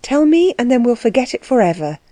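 Woman voicing a tender young aunt, soft pleading manner, mellow, slightly raised pitch, storybook. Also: very animated, a little fast, no echo.

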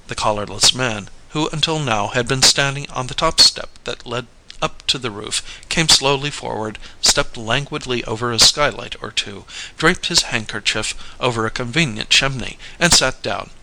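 A man reading a story aloud as narrator, in a measured, even manner. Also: medium pitch, rough recording. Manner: even, measured storytelling with light character voicing. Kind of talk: audiobook narration.

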